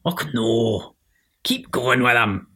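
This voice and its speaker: A man's voice: medium pitch, animated, slow, bright, forceful tone, husky, exaggerated voice. A man voicing a cheeky, mock-threatening Glaswegian co-host in a put-on Scottish accent. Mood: encouraging.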